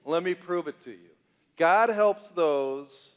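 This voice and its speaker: In a church sanctuary, a male pastor delivers a conversational, joking sermon packed with rhetorical questions for the congregation. His fairly high voice is clean and unhurried, and the recording has the reverberation of a church hall, with the highs cut off.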